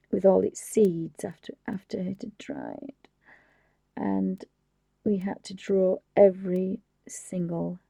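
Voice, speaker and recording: A woman's voice: mid-range voice, gravelly, mellow, no room sound. A woman hosting a live painting tutorial, chatting casually and often dropping to a whisper, with rambling, apologetic asides at her home desk. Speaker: craft channel host.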